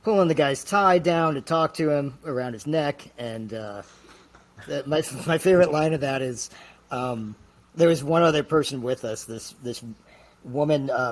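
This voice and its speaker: Halting male guest telling stories. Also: medium pitch. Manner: halting, full of fillers and restarts. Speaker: guest actor. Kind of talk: casual storytelling.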